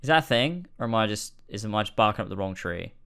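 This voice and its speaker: A young man streaming a game with casual, excitable, swearing commentary. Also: fairly low pitch, fast talker, clean tone. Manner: animated, swearing, excitable reactions. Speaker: gaming streamer. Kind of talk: casual let's-play commentary.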